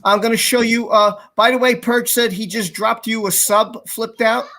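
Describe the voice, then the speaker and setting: A man hosting a casual live stream, telling stories in an excited, rambling way and reading out viewer comments. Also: high voice, normal speed.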